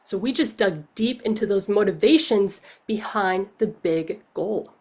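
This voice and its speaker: A woman's voice: medium pitch, measured pace, a little mellow, slightly rough. A woman coach giving a conference talk, telling a story and asking rhetorical questions. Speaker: coach speaking at a leadership conference.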